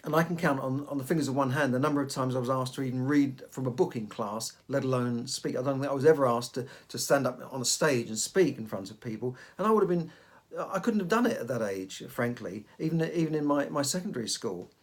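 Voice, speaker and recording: A middle-aged man gives advice in a casual podcast monologue. He repeats and restarts his words often as he thinks aloud. His voice sits at an ordinary middle pitch. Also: fast talker. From United Kingdom. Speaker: podcast host.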